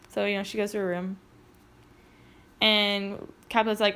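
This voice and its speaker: A woman's voice: mid-range voice, flat delivery, measured pace, gravelly, pauses often, fairly bright tone, clear, resonant tone. Laid-back slangy young woman narrating. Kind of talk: casual retelling of a play.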